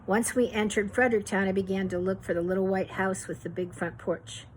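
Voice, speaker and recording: A woman from Pittsburgh reading her memoir aloud in an unhurried, reflective way, now and then correcting herself. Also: mid-range voice, slight background noise, rough recording. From Pittsburgh, USA.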